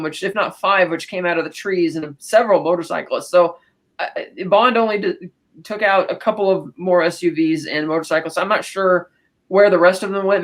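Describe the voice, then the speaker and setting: A woman co-hosting a podcast, retelling a film's plot casually with many fillers and restarts. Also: on the low side. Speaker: podcast co-host. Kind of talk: casual film recap.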